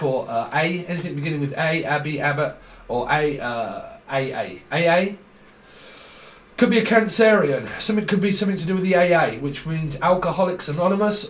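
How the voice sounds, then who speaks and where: A man's voice: a little high, reverberant. A man giving a casual tarot reading, playful and rambling, breaking into laughs often. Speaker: tarot reader.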